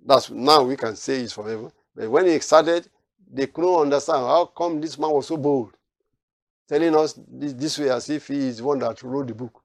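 A man preaching a sermon, repeating phrases and swinging from quiet asides to loud, emphatic declarations. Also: mid-range voice, normal speed, dry recording, studio quality.

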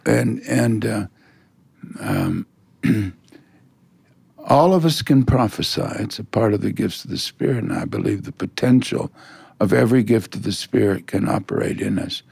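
Gravelly, husky man explaining calmly. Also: lowish voice, dry recording. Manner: measured, explanatory. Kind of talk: teaching in interview.

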